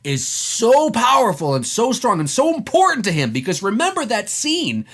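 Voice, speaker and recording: Man, opinion vlog, emphatic, swearing, very lively pitch, acts out quotes. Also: normal speed. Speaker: film commentator.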